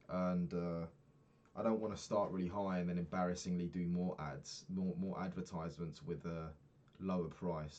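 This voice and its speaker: A man's voice: sits low, a little mellow. A young man from the UK talking through his week in a rambling, casual diary vlog, swearing often and losing his thread. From United Kingdom. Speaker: vlogger.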